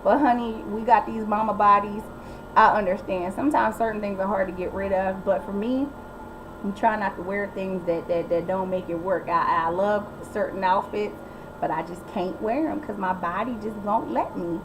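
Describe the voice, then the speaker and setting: A woman's voice: mid-range voice, steady tone, normal speed, background noise. A young woman casually recapping a reality TV episode, sassy and blunt, mimicking the people she talks about.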